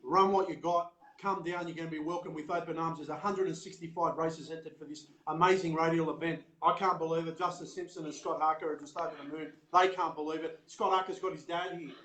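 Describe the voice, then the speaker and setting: A man's voice: on the high side, steady tone, fast, hardly any pauses, a bit bright. Hyped Australian man in an echoey space. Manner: hyped, full of praise, says "mate" often. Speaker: show host. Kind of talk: live event chat.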